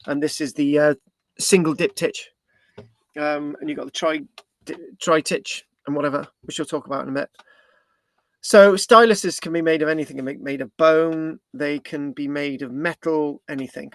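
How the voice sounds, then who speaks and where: A man's voice: a little high, moderate pace. Rambling British male history presenter. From Britain. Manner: rambling, with frequent restarts and tag questions. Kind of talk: live online history talk.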